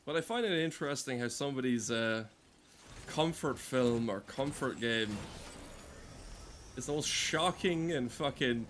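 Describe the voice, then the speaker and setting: A man's voice: mid-range voice, expressive, unhurried, a bit bright, slight background noise. A man giving casual, sardonic, sweary commentary over a video game he is playing. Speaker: gaming streamer.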